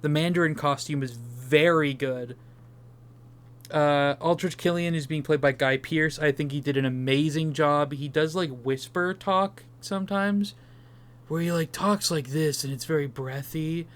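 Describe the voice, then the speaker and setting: A man's voice: on the high side, a little slow. A young man co-hosting a casual movie review podcast, enthusiastic and swearing casually. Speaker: podcast co-host.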